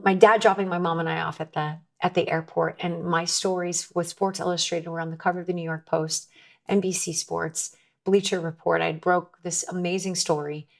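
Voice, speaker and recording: A woman's voice: on the low side, vocal fry. A woman guest in a conversation, telling her personal story in an earnest, emotional way, often restarting her sentences. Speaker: podcast guest.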